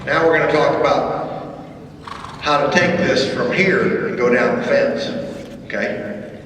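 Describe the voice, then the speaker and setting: A man's voice: mid-range voice, unhurried, fairly bright tone, a little hiss or hum. A man, a horse training clinician, coaching riders through a live arena demonstration with short, repeated commands. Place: large indoor horse arena at an expo. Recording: echoey arena from far off.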